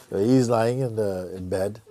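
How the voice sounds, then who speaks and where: A man giving a spiritual talk to a gathering, telling a story in a slow, playful way and acting out characters with gasps and laughter. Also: on the low side, dark tone. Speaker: spiritual teacher.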